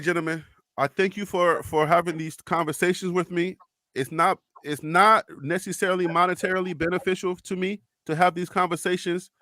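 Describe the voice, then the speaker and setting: A man with a high, bright, sharp voice hosts a livestream panel, talking with deep emotion. He builds his points in a repetitive, preacher-like cadence. The sound is dry and close. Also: no room sound. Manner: impassioned, repeats himself, preacher-like cadence. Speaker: livestream host.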